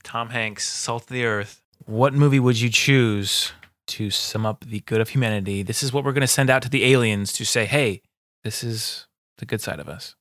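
A man hosting an interview, relaxed and joking as he moves on through his questions. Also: mid-range voice, normal speed. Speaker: podcast host.

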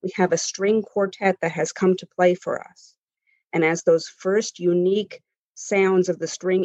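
A woman in her fifties telling a reflective personal story in a measured way. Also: lowish voice, dry recording. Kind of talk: personal story told on stage. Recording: dull lo-fi recording.

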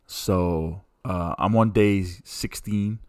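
A man's voice: sits low, extremely slow, darkish tone, no room sound, clean studio sound. A man hosting a casual podcast, talking in an easygoing, rambling way with lots of fillers. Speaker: podcast host.

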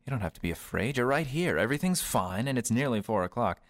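A woman voicing a calm husband who soothes his wife after a nightmare in a radio drama. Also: extremely low pitch, fast, no echo, studio quality, voice pushed down. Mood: soothing. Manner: soothing, reassuring.

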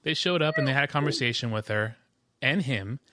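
A man co-hosting a casual podcast, telling stories in a lively, chatty way. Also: mid-range voice, fairly quick, no echo. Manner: animated storytelling, mimics neighbors. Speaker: podcast co-host. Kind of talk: casual chat.

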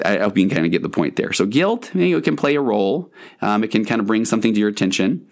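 A man's voice: fairly low pitch, animated, quick pace, gravelly, darkish tone. A man hosting a podcast as a counselor, talking in an earnest, conversational and meandering way. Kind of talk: podcast monologue.

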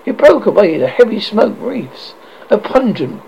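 A man with a high, gravelly voice that swoops all over as he reads a horror tale. He reads dramatically but trips on words and starts them again. The recording sounds dull and lo-fi. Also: sing-song, measured pace, a little mellow, slight background noise. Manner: dramatic reading with frequent stumbles and restarts. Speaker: horror host narrator. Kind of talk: reading a classic horror story aloud.

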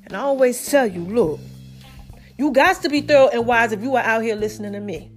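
A woman hosts her own podcast, chatting in a lively, casual way and calling her listeners "baby" and "y'all." Her voice sits on the high side and she talks briskly, sounding out of breath and sighing between phrases. Faint music plays in the background.

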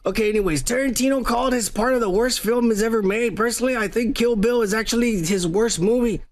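A man's voice: very high voice, fast. A man hosting a podcast, bantering crudely and teasing his co-host with lots of swearing. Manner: profane, boisterous, teasing.

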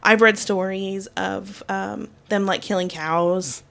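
A woman's voice: mid-range voice, fairly even intonation, slow pace, gravelly, a bit bright. Woman podcast co-host, casual, filler-heavy storyteller, medium voice. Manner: explains folklore with many ums and likes. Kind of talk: casual chat.

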